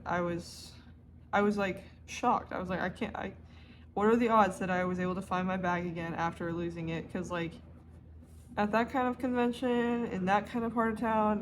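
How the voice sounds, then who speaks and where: A woman crochet vlogger telling a story to camera in a rambling, animated way, often stopping to correct herself. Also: mid-range voice, background noise. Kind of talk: casual storytelling vlog.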